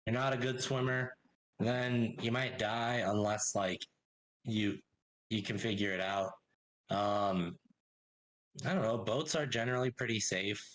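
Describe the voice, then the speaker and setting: A man's voice: lowish voice, fairly even intonation, a little slow, pauses often, a bit bright, slight background noise, low-quality recording. A man doing a clueless ship steward. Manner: rambling, unsure, offhand.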